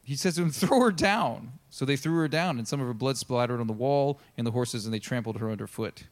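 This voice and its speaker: A pastor telling a Bible story in a casual, chatty sermon. He is animated and acts out the characters in the story. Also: mid-range voice, fast. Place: church.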